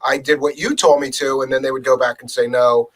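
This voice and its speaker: A man's voice: medium pitch, fairly even intonation, fairly quick, low-quality recording. A man chatting casually and bluntly, swearing and quoting people in his stories. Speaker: co-host, former rideshare driver. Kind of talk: casual storytelling chat.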